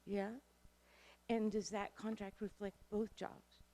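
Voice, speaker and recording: A woman's voice: medium pitch, level tone, takes it slowly, dark tone, no echo. A woman asking a question and commenting at a town meeting, hesitant at first, then appreciative. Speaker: meeting participant.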